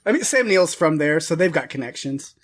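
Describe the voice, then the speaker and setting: A man's voice: a little high, sing-song, fairly quick. A man from Texas co-hosting a podcast in casual chat, self-deprecating and laughing often. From Texas, USA. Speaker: podcast co-host.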